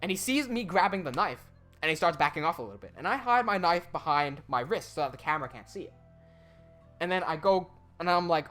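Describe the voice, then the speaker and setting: Pria muda bercerita dengan sangat ekspresif. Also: male voice, a little high, faint music behind. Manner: animated storytelling, swearing, quick asides. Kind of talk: casual chat.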